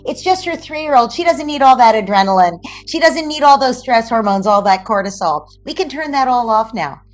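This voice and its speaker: Brief: perky, high, bossy-but-kind vagus nerve, put on by a woman over a video call. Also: expressive, moderate pace, faint music behind, lightly acted. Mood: breezy reassuring. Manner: cheery, reassuring, giving orders. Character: the vagus nerve as a calm, breezy boss.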